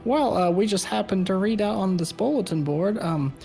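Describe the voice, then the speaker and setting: A man's voice: high-pitched, animated, normal speed, gravelly, dark tone, soft background music. A man playing in a tabletop game, casual and joking. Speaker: player.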